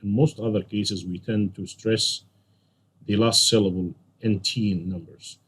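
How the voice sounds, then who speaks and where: A man's voice: fairly low pitch, fairly even intonation, measured pace, a little hiss or hum. A male English teacher walking through a textbook lesson, patiently going over questions and repeating the answers. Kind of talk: classroom lesson walkthrough.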